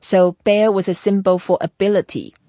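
A woman's voice: mid-range voice, steady tone, normal speed, warm tone, no room sound. A woman hosting a language lesson who patiently explains and models each sound, step by step, for her guest to repeat. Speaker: Chinese language teacher and host. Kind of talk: teaching pronunciation in an interview. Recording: dull, muffled lo-fi sound.

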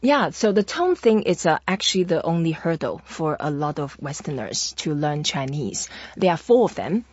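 A woman's voice: deep voice, sing-song, normal speed, few pauses, a little mellow, husky, no echo, lo-fi sound. A woman teaching Chinese in a casual lesson, patient and encouraging as she explains tones. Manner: patient, encouraging, laughs easily.

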